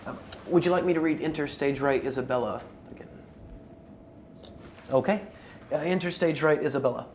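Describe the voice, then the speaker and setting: A man reading stage directions aloud at a rehearsal in a dutiful, flat way. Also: fairly high pitch, normal speed, slight background noise, natural voice.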